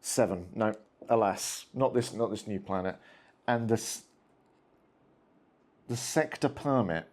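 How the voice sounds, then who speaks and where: A man's voice: on the low side, takes it slowly, long pauses, a little mellow. A man hosting a solo tabletop wargame session, chatting casually and talking to his cats between dice rolls. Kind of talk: casual play-through commentary.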